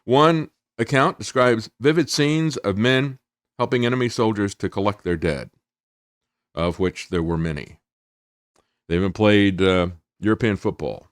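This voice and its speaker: A man hosting a talk show, retelling a wartime story in an unhurried monologue with frequent fillers and read-out quotes. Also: on the low side, dry recording, clean studio sound. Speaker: show host. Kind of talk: casual monologue retelling history.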